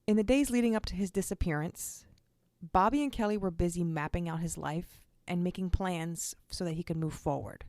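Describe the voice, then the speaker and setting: A woman's voice: fairly low pitch, moderate pace, darkish tone, no echo. A woman hosting a true crime podcast, narrating the case in an earnest, direct way and speaking to her listeners. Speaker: podcast host.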